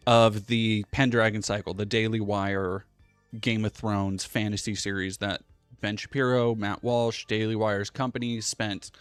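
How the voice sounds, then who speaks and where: Man, young adult, livestream host, casual profane rant, dry sound, quiet music behind. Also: mid-range voice, no room sound.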